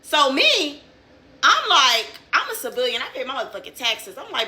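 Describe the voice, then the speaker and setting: A woman's voice: high-pitched, sing-song, moderate pace, sharp tone. A young woman telling a story in casual, profane, streetwise slang.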